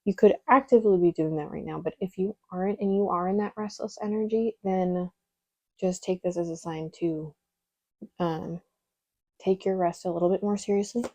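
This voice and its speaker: A woman's voice: on the low side, fairly even intonation, normal speed, mellow, no room sound, highs cut off. A young woman doing a casual, chatty tarot reading, candid and a little exasperated, with frequent ums and laughs. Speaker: tarot reader.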